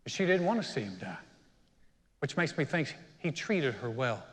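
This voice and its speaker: A man's voice: mid-range voice, very animated, moderate pace. A man preaching a sermon as senior pastor, telling a story in a conversational way and acting out the quotes. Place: church auditorium. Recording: church hall reverb.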